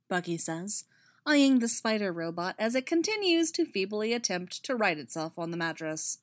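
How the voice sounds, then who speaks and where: A woman reading a story aloud as narrator, wry and expressive. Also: fairly low pitch, normal speed, dry recording, studio quality.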